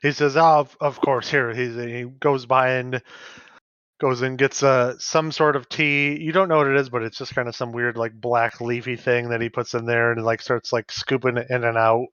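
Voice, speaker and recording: Man, game master, narrates a tabletop game, halting, laughs often, dull sound, dry. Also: mid-range voice, little pitch movement, fairly bright tone, smooth, no echo.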